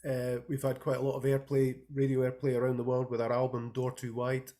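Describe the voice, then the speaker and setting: A man's voice: medium pitch, monotone, fairly quick, warm tone. A man, a musician and composer, talking thoughtfully over a video call with many hesitant fillers. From Scotland. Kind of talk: casual interview talk.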